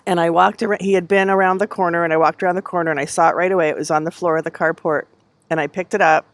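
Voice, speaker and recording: A middle-aged woman chats on her home livestream through a headset, rambling from one thought to the next with plenty of fillers and easy laughs. Her voice sits a little low. The sound is close and dry, with no room echo. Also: steady tone, fast talker. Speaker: knitting livestream host. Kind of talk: casual chat.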